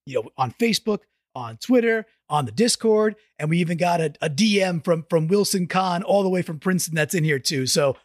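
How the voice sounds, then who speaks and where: A man co-hosting a casual sports podcast, excitable and jokey, often restarting his sentences. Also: high voice, fairly quick, few pauses, dry recording, studio quality. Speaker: podcast co-host.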